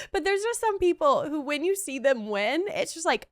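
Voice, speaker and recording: A woman's voice: very high voice, expressive, moderate pace, few pauses, no echo, studio quality. A woman podcast host giving a casual recap, talking in a gushing, emotional way.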